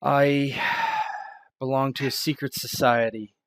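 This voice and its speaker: A man voicing a weary, secretive woman who sighs as she confesses in measured tones. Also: mid-range voice, flat delivery, pitched above the performer's own voice. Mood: solemn confession. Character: secretive middle-aged woman, weary and grave.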